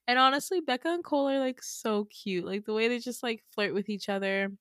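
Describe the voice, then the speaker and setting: A woman host casually retelling a dream, full of "like" fillers and casual swearing, with sudden high exclamations. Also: normal speed, hardly any pauses, a bit bright, dry recording, studio quality. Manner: chatty, frequent "like" fillers, swears freely. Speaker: podcast host.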